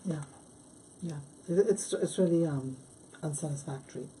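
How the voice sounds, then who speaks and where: Husky low-voiced woman host. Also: dark tone, rough recording. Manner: measured, hesitant, with fillers and restarts. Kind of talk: casual political discussion.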